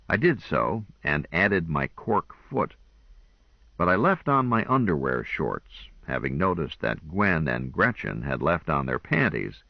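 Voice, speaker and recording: A man reading an audiobook in a measured, expressive first-person narration, in a dull lo-fi recording. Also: sits low, vocal fry, dry recording.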